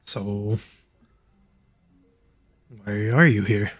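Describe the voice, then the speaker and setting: A man's voice: lowish voice, extremely slow, husky, heavily acted. A man voicing a guarded alien Zabrak in a cantina, who answers in short, wary lines. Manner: curt, guarded, sizing people up.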